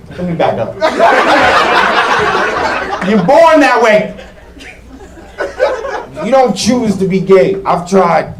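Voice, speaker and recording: A high-pitched male comic works the crowd in a comedy club, brash and foul-mouthed. He's recorded from afar in an echoey space, with the audience laughing loudly.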